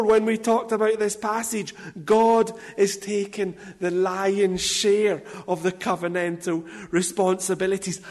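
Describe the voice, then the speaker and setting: A man with a high voice delivers a sermon at an unhurried pace. He stresses his points with care and breaks off now and then to poke fun at himself. His voice rings out with a long reverb, as in a large hall. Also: darkish tone. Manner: deliberate, emphatic delivery with light self-deprecating asides. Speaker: preacher.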